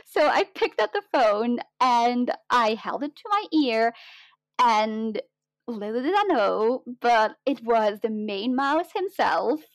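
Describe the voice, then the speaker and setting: A young woman telling a story in casual chat, excited and chatty with many fillers. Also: fairly high pitch, takes it slowly, dry recording.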